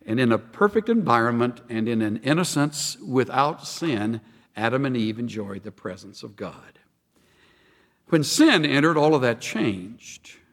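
A man preaching a sermon in measured tones, building to emphatic peaks and slowing for weight. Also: medium pitch, fairly bright tone, long reverb tail. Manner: measured preaching with rising emphasis and slow pauses. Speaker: pastor.

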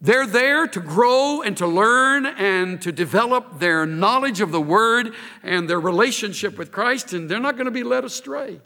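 Animated male preacher in a reverberant hall. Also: high-pitched, moderate pace, few pauses. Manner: animated, emphatic preaching with rising intensity. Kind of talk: sermon.

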